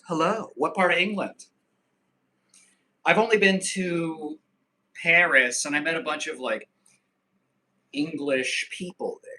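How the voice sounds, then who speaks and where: Male streamer in his 30s, slightly high and bright-toned, loose and profane, riffs on chat comments. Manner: loose, joking and profane, with quick asides. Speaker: livestream host. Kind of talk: casual live-stream chat, reading viewer comments.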